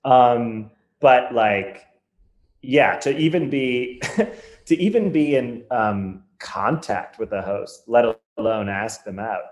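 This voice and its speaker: A man's voice: mid-range voice, roomy sound. A man telling comedy-writing stories in casual chat, rambling and correcting himself often. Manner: rambling anecdotes with quick self-corrections. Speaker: podcast guest, comedy writer.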